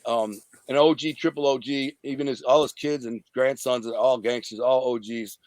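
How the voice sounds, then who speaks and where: A man from the Detroit area telling rough, profane stories from his past in a casual, animated way as an interview guest. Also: medium pitch, normal speed, dry recording. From Detroit area, USA. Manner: streetwise, profane, animated retelling. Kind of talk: casual storytelling.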